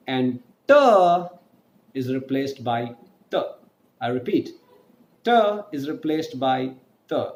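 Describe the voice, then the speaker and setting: A man's voice: fairly high pitch, mellow, slight background noise. A man with an Indian English accent giving a French lesson. He repeats key points and spells words out letter by letter. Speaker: French teacher. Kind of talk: online language lesson. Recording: echoey room.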